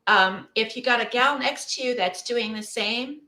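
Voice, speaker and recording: A woman co-host gives emphatic, coaching business advice in casual podcast chat. Her voice sits a little high and sounds bright and forceful. The room around her rings with a noticeable echo. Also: moderate pace. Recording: roomy echo.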